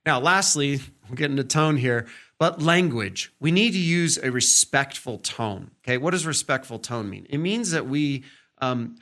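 A man's voice: medium pitch, sharp tone. Man talking through respectful manners. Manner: conversational, full of fillers and "right?" check-ins; acts out tones in short quoted examples. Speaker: podcast host. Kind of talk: casual teaching monologue.

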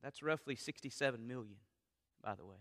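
A man preaching a sermon with passion, going from quiet talk to loud appeals. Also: medium pitch, fairly quick, in a large hall. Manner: impassioned, rises from quiet to loud. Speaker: pastor.

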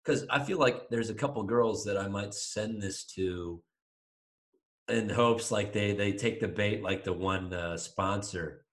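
Low-voiced wisecracking podcast guy. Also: unhurried, fairly bright tone. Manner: teasing, wisecracking. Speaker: podcast co-host. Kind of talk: casual chat.

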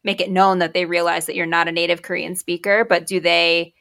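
A woman's voice: lowish voice, little pitch movement, fairly quick, vocal fry, fairly bright tone. A woman from the United States who asks long, thoughtful, meandering questions in a casual chat.

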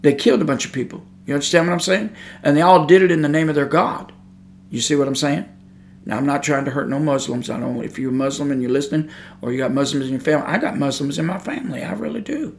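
A man's voice: a little high, fast talker, vocal fry, slight background noise. A man preaching an informal podcast sermon into a microphone, folksy and emphatic, swelling to fervent intensity. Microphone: studio microphone.

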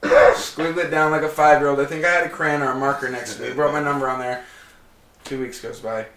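A man's voice: medium pitch, a little fast. A man in casual chat, telling a long story and acting out the quotes in it. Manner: animated storyteller, acts out quotes. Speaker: guest. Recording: echoey room, distant mic.

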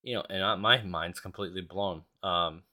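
Male podcast host telling stories off the cuff: low-set voice with a forceful, bright edge, swears freely and rambles. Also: normal speed. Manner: profane, rambling, animated. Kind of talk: casual storytelling.

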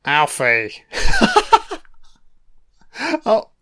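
Young male commentator, slow and smooth, profane and wry. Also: mid-range voice, very animated, bright, forceful tone. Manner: profane, wry running remarks. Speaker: film commentator. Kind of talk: casual film commentary.

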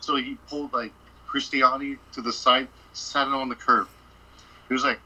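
A man's voice: medium pitch, fairly even intonation, normal speed, pushed and bright, breathy edge, rough recording. A man telling a rambling, profane story in a casual interview, laughing and acting out what people said. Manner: profane, laughing, acts out quotes. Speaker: record label boss, guest.

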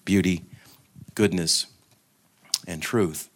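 A man's voice: sits low, steady tone, extremely slow. A man giving an informal talk to a group, telling anecdotes and joking, with frequent restarts. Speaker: guest speaker.

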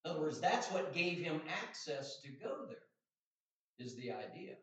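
A man's voice: a little high, big pitch swings, a bit bright. Man teaching Sunday school in an echoey room. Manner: conversational, often checks in with "right?" and "all right?"; reads scripture aloud in slow, deliberate emphasis. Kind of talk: Bible lesson. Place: church classroom. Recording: echoey room, distant mic, dull sound.

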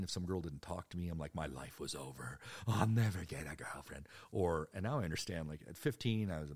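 A man in his thirties telling rambling personal stories in a casual way, jumping into voices for other people. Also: no room sound. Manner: rambling and animated, jumps into high-pitched voices for other people. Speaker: storyteller.

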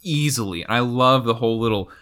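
A man discussing a book in casual conversation, animated and quick to slip into playful character voices. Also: medium pitch, clean tone. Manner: animated, slips into mock voices and dramatic readings.

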